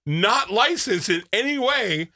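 Male co-host, quick expressive reactions, slightly high pitch. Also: no echo, studio quality. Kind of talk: casual chat.

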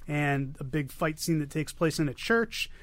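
A man co-hosting a podcast, giving quick, joking, enthusiastic comic recaps into a close mic. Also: a little high, lively intonation, a bit bright, no echo. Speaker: podcast co-host. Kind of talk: casual chat about comics.

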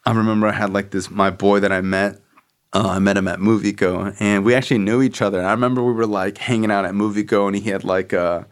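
Male podcast host, lower voice, loose profane street slang, casual storytelling. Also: fairly even intonation, quick pace, clear, resonant tone. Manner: slangy, profane, fills with "like", acts out friends' voices.

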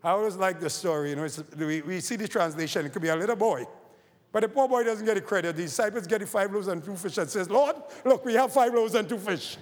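A man preaching a sermon, swinging between quiet, slow passages and loud, raised lines. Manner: preaching with sweeping rises and falls in pitch and loudness. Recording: long hall reverb.

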